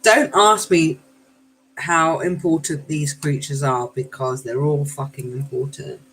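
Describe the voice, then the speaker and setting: A woman's voice: low-pitched, steady tone, measured pace, a bit bright, a little hiss or hum, poor audio. A woman hosting a live tarot reading, exclaiming, swearing and apologizing, and calling her viewers darlings. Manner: affectionate, calls listeners darlings. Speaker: tarot reader.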